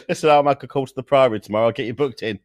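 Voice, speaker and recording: A man's voice: mid-range voice, no echo, studio quality. A man co-hosting a podcast, chatting casually in a giggly, teasing and sweary way. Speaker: podcast co-host. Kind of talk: casual chat.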